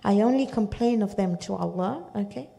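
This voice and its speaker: Low-toned woman with a gravelly edge. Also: normal speed, warm tone. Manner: storytelling, often checks in with "okay?". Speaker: Quran study teacher. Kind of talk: explanatory religious lesson.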